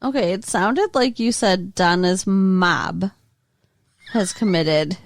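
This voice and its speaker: A woman's voice: mid-range voice, slow pace, no room sound, studio quality. A woman co-hosting a podcast in casual chat, blunt and incredulous, swearing freely. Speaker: podcast co-host.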